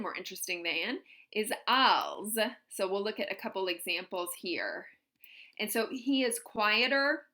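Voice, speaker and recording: Slow, bright-voiced woman teaching grammar. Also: mid-range voice. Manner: patient, explains step by step with examples. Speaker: German teacher. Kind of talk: classroom grammar lesson.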